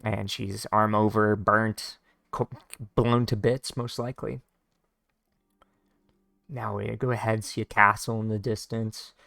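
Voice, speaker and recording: A man casually reading a comic aloud, describing the panels in an informal, halting way with many fillers. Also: lowish voice, flat delivery, gravelly, fairly bright tone, dry recording, clean studio sound. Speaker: read-along narrator. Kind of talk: casual read-along of a comic.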